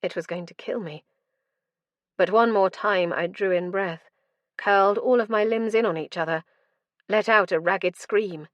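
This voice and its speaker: A woman's voice: mid-range voice, a little slow, no room sound, lo-fi sound. A woman narrating a first-person fantasy audiobook in an intense, dramatic storytelling manner.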